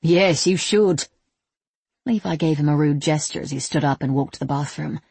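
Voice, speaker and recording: A woman narrating an audiobook in an even, steady reading voice. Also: low-pitched, quick pace, vocal fry, breathy edge, no echo.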